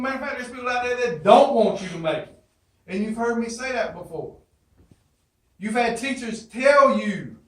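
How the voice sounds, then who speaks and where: High-voiced man teaching in an echoey classroom. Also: fairly bright tone. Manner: emphatic, repeats catchphrases, asks the class questions. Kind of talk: motivational classroom talk. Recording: roomy echo, from far off.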